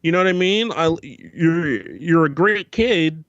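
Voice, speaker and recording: A man with a fairly high voice talks slowly and in a laid-back way, tossing in jokes during a casual chat. His sound is dry and a little dull, like a lo-fi mic. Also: lively intonation, a bit bright, no room sound.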